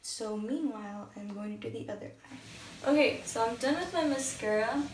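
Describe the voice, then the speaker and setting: A young beauty vlogger, still in her morning voice, chats her way through her makeup routine at home, casual and a little hesitant as she thinks aloud. Her voice is a little high at a moderate pace, with slight background noise. The room echoes, the mic sits at a distance, and a shower runs in another room.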